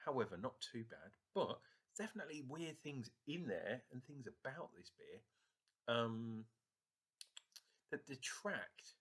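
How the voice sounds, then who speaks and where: A man's voice: mid-range voice, animated, slow, a bit bright, breathy edge. A man with a northern English accent, rambling casually through a beer review vlog and swearing now and then.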